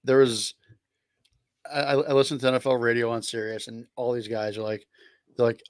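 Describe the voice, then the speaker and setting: A man's voice: mid-range voice, level tone, fairly quick, pauses often, no room sound. A man co-hosting a casual podcast, cracking teasing jokes at the others. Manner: wisecracking, teasing. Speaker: podcast co-host. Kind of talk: casual chat.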